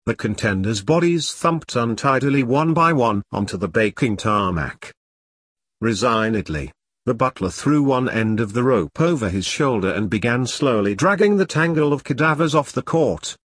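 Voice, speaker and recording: A man reading a dark comic story aloud in a wry, earthy storytelling manner. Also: medium pitch, animated, normal speed, husky, dry recording, clean studio sound. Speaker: narrator. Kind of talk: scripted dark comic narration.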